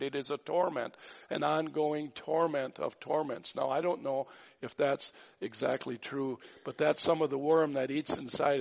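A man preaching a sermon in a gravelly, mid-pitched voice. He talks conversationally with plenty of fillers, then slows right down to stress each word of scripture. The recording sounds dull and lo-fi. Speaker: pastor.

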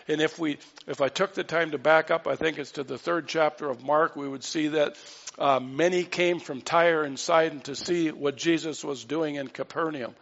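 A man's voice: on the high side, moderate pace, creaky. A man preaching a sermon, retelling a Bible story and acting out the voices in it. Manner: storytelling, acts out quoted voices with dropping softness. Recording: dull lo-fi sound with long hall reverb.

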